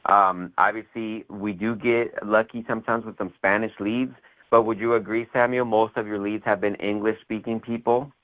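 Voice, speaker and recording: Brief: male host, deep-ish voice, rambling pep-talk style, tinny phone line. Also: little pitch movement, moderate pace. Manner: rambling, many fillers and "right?" tags. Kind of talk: motivational sales call interview.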